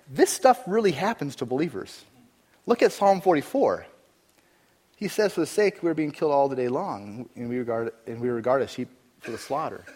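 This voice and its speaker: A man preaching a sermon as a pastor, with rhetorical questions and repetitions, swinging between loud emphatic passages and hushed, intimate ones. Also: mid-range voice. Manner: frequent rhetorical questions, repeats and restarts.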